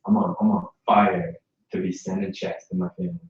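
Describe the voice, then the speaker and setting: A man giving an energetic, joking motivational talk to a group at a business mixer, heard from across an indoor event space. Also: lowish voice, vocal fry. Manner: energetic, joking, quick asides. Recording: echoey room from far off, dull sound.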